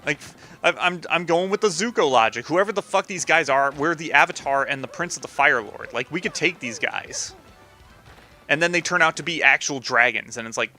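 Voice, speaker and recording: A man's voice: fairly high pitch, expressive, normal speed, sharp tone. A young man giving casual, chatty gameplay commentary who swears and jokes about himself. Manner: chatty, swears, self-deprecating. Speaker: let's play streamer.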